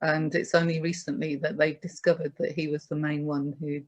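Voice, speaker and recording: A woman's voice: low-pitched, little pitch movement, fairly quick, dull audio. A woman vicar recommending a film in a reflective, hesitant way, full of ums and restarts, and reading scripture aloud.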